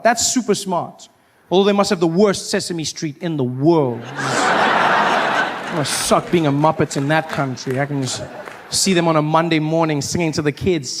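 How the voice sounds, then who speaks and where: A man performing a stand-up comedy set, leaping into mock voices and accents as he tells stories. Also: moderate pace. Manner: animated, jumps into high mock voices and accents.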